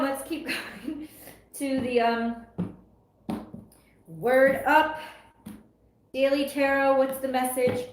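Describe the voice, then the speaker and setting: Chatty tarot reader in an echoey room. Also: female voice, mid-range voice. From US East Coast. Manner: chatty, laughs often, exclaims at the cards. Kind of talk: casual live tarot reading.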